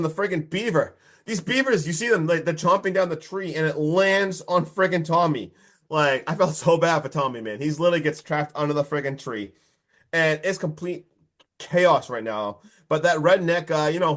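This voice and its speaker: Excitable man recapping a movie. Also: a little high. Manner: excitable, lots of fillers and mild swearing. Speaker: podcast co-host. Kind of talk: casual movie recap chat.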